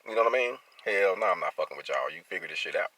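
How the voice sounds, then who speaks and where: Deep voiced guy ranting on his vlog, mad and cussing, blunt as hell. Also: animated, racing, bright, forceful tone. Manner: blunt, profane, heated street talk. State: angry. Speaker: traveling field welder. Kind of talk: venting vlog monologue.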